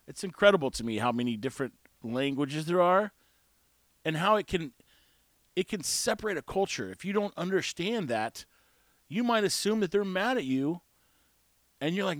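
A man's voice: on the high side, lively intonation, moderate pace, no room sound, clean studio sound. A man talking casually on his own, rambling, opinionated and laughing at his own jokes. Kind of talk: casual solo talk.

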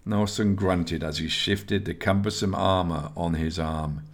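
A man narrating a fantasy audiobook in a steady, measured reading voice. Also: low-pitched.

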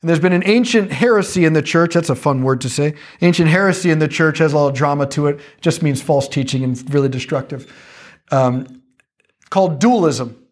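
Man, lively faith talk, slightly higher voice, casual jokes. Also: a little fast. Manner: animated, conversational, jokey asides.

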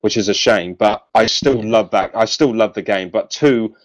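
A man's voice: on the low side, normal speed, dull audio. Hesitant man hosting a podcast. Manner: hesitant, many ums and restarts. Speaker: podcast host. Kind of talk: casual podcast chat.

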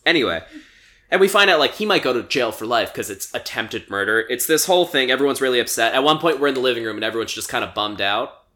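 A young man casually recapping a movie on a podcast, rambling with lots of fillers and quick acted-out quotes. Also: medium pitch, animated, pushed and bright. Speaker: podcast co-host.

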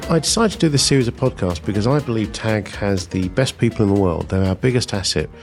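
A low, gravelly-voiced man with a North London English accent hosts a relaxed podcast chat. He teases his guests with dry quips and keeps the talk light. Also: quick pace, music in the background. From Essex, England. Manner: jokey and warm toward guests, dry quips. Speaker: podcast host. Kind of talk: casual interview chat.

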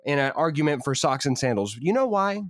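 A podcast co-host chats casually and comedically, his pitch leaping up and down as he riffs through half-serious rants at a slightly fast pace. Animated and jokey, he rambles and tosses out mock-grand proclamations. The sound is dry and close, with no echo or room.

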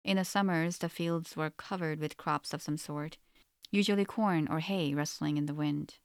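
A woman narrating a story in an audiobook, with a steady, measured reading. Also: deep voice, no room sound, studio quality.

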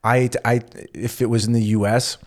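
A man's voice: medium pitch, little pitch movement, moderate pace, darkish tone. A man chatting casually, easygoing and hesitant, often repeating words. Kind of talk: casual chat.

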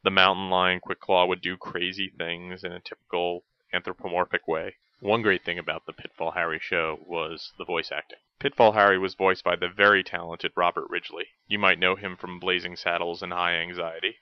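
A man narrates a scripted look back at old cartoons, his voice low and deep. He slips in wry, dry jokes between the facts. The recording is close and dry, with a slightly dull, lo-fi tone. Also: little pitch movement, brisk, hardly any pauses, clean tone, no echo. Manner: wry, with dry joking asides. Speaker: host.

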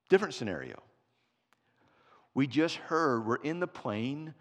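A man preaching a sermon in a church, telling stories with big swings from quiet to shouting. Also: medium pitch, big pitch swings, unhurried, pauses often. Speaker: pastor. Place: church sanctuary. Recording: preaching in a church hall with long reverb.

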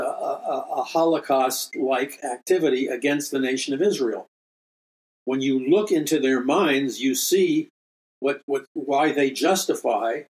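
A man's voice: mid-range voice, poor audio. A man, a minister and radio host, reading from his own book and adding earnest, emphatic commentary with frequent restarts.

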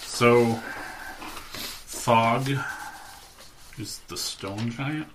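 A man's voice: mid-range voice, extremely slow, a bit bright. A man playing a tabletop game in casual chat, wry and joking. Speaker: player. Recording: noisy mic.

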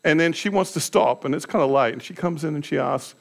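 A pastor delivers a sermon with candor and self-deprecation, recounting personal stories and posing rhetorical questions to his listeners. His male voice is a little high and brisk, with some vocal fry.

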